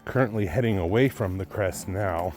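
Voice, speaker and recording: A man's voice: deep voice, moderate pace, darkish tone, faint music behind. Breathless man vlogging a snowy hike. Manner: panting, talking while walking through snow. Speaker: vlogger hiking. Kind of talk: casual trail commentary. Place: snowy mountain forest outdoors.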